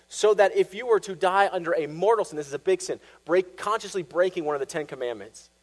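Animated high-voiced man preaching. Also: rough recording. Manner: animated, acts out quotes. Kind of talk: sermon.

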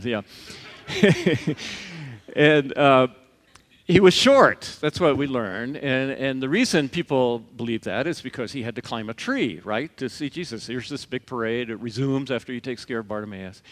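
A man preaching a conversational sermon, telling stories and acting out the quoted voices. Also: mid-range voice. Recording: long reverb of a large hall.

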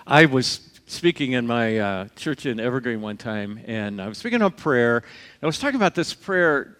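A man's voice: mid-range voice, very animated, normal speed, a bit bright. A man preaching a conversational sermon, telling stories and acting out the quoted voices. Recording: long reverb of a large hall.

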